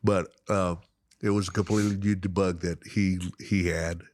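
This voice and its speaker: A middle-aged man telling fishing stories in casual chat, animated and laughing often, acting out the other people in them. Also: deep voice, moderate pace, no echo, clean studio sound. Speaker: guest. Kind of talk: casual storytelling.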